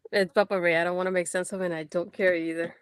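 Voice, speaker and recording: A woman's voice: lowish voice, little pitch movement, fast, smooth, no room sound. Blunt woman in dry casual chat. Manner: blunt, dismissive, sarcastic. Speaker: co-host of a wrestling post-show.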